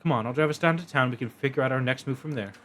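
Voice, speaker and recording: A man streaming a story game, reading the text aloud and reacting in an excitable way with swearing. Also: mid-range voice, very fast, a little hiss or hum. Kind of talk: game let's-play with narration read aloud.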